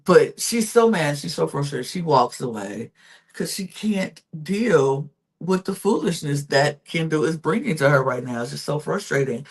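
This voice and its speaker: A young woman gives a casual recap of reality TV. Her pitch swoops up and down as she talks. She is sassy and animated, and she keeps slipping into the voices of the people she quotes. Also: husky. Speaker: podcast host recapping reality TV.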